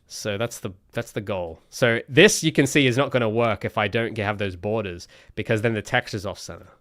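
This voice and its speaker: On a casual livestream, a young solo game developer rambles about interface design, often restarting and filling gaps. He speaks at a normal speed in a fairly low, slightly bright voice, recorded cleanly in a studio with no room sound.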